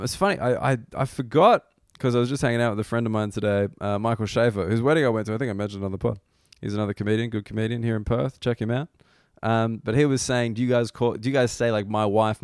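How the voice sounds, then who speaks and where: Australian comedian, solo pod chat, self-deprecating, lowish pitch, dry close mic. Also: male voice, clear, resonant tone, no echo. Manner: rambling, self-deprecating, swears freely. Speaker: comedian podcast host. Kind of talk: casual solo podcast monologue. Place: corner of a hotel room.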